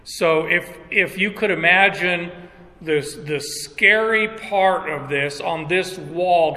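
A middle-aged male pastor preaching in an unhurried, halting way, often restarting his phrases. His voice is very bright and a bit high, and it rings out with a long hall reverb. He sounds like he's in a church sanctuary. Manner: slow, halting, with restarts and chuckles. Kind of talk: sermon.

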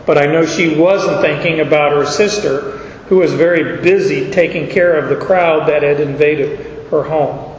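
An older man delivers a sermon, unpacking scripture and weaving in personal stories in an unhurried, folksy way. His voice sits a bit high and moves at a very slow pace. The recording is dull and roomy, carrying the long echo of a large church hall. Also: fairly even intonation, slight background noise. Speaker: pastor.

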